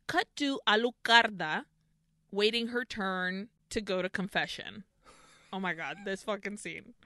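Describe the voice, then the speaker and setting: A woman talks with a bright, crisp voice, recorded close and dry. She is co-hosting a podcast and recapping a horror film in relaxed chat. She is animated and profane, slipping into the characters' lines as she goes. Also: medium pitch, unhurried, no room sound. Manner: animated, swearing, acts out characters in quotes. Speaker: podcast co-host.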